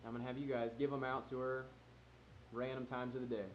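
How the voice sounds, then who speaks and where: A young man speaks straight to camera, eager and earnest, his voice at an ordinary middle pitch. The sound is a little dull and lo-fi, like a home video. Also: fast. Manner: earnest and excited, reads a heartfelt letter softly. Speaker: vlogger planning a proposal. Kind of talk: casual direct-to-camera talk.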